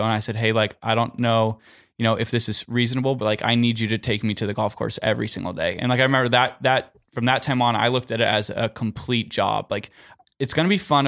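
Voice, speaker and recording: A man's voice: medium pitch, a bit bright. A young man, a pro golfer and podcast guest, telling a story in a casual, rambling way, packed with "like" and "you know".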